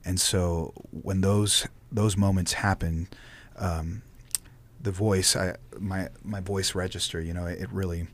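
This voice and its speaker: A man's voice: sits low, level tone, unhurried. A man, a stage actor, chatting casually in an interview, rambling with many restarts.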